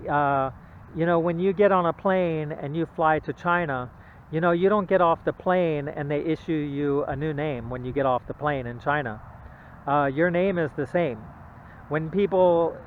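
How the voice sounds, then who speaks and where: A man giving an informal Bible talk, halting and repetitive, often checking in with the listener. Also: a little high, slight background noise. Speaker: religious video presenter. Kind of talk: informal Bible teaching monologue. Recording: tinny phone-like audio.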